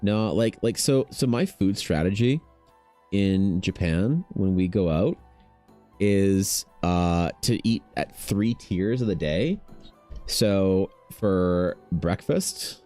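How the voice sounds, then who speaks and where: A man's voice: sits low, animated, slow, warm tone, soft background music. A man chatting casually on a stream in a laid-back, slangy, rambling way. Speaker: streaming artist. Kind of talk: casual chat on a livestream.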